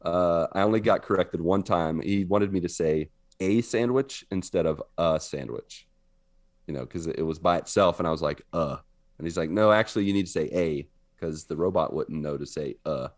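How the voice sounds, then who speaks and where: A man co-hosting a podcast, telling an animated story in casual chat and laughing often. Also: low-pitched, a little fast. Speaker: podcast co-host. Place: living in Brazil.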